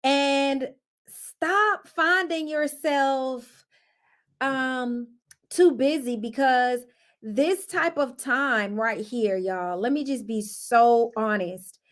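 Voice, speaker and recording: A woman's voice: sits high, extremely slow. A young woman and mother chatting casually to camera, laughing often and talking to her kids now and then. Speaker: vlogger and mother.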